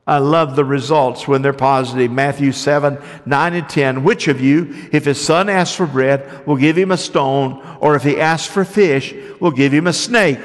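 A man preaching a sermon, moving from quiet storytelling to loud, rising preaching. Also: medium pitch, a little slow, in a large hall. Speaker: pastor.

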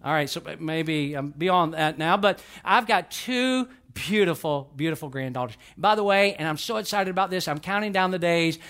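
Older man, pastor, sermon, folksy, slightly high voice, questions to congregation. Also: moderate pace, hardly any pauses, a bit bright.

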